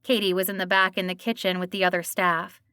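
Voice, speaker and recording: A woman reading a cozy mystery audiobook in an even, storytelling manner. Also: on the low side, fast, smooth, no room sound, studio quality. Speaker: audiobook narrator. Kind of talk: scripted narration.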